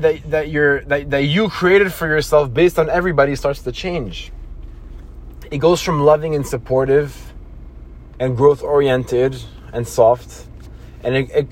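The host of a motivational podcast, a man with a fairly high voice, talks with earnest intensity, restarting and repeating himself a lot. He performs scolding voices in quotes, and slight background noise is audible.

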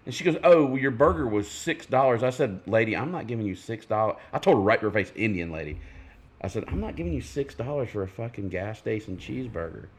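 A man co-hosting a casual podcast, swearing often and acting out people in animated stories. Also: fairly low pitch, quick pace. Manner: swears a lot, animated storytelling with voices. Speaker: podcast co-host. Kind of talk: casual chat.

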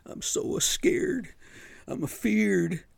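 A man putting on the high, breathy whimper of a cowering male politician. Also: sing-song, very slow, no room sound, heavily acted. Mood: mock fear.

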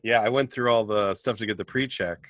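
A man's voice: lowish voice, brisk, fairly bright tone, no room sound. A man hosting a casual chat, riffing playfully and asking questions.

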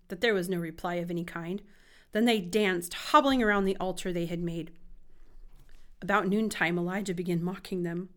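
A woman reading scripture aloud in an expressive, measured way. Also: medium pitch. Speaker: Bible reader.

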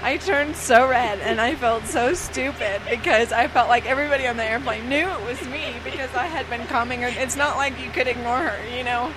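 A woman's voice: fairly high pitch, fairly quick, few pauses, noisy background. Chatty woman telling airline stories. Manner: chatty, hesitant with many fillers. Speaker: flight attendant telling stories. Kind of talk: casual storytelling.

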